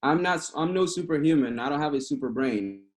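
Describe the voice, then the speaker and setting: A man's voice: a little high, expressive, brisk. A man in his thirties from Cuba with a Cuban Spanish accent, a native Spanish speaker giving a casual, passionate talk that rambles with restarts. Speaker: guest speaker. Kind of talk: casual talk over a video call.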